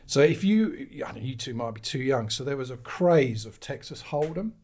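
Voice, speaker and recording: Animated English man telling stories. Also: mid-range voice, moderate pace, slightly rough. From England. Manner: rambling anecdotes, animated, laughing. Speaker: guest, cricket managing director. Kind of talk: casual storytelling chat.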